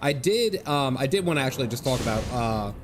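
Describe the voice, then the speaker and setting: A man streaming a video game, chatting casually in a rambling, excitable way with lots of fillers and restarts. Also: medium pitch, brisk. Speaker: gaming streamer. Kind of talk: casual livestream commentary. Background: game music.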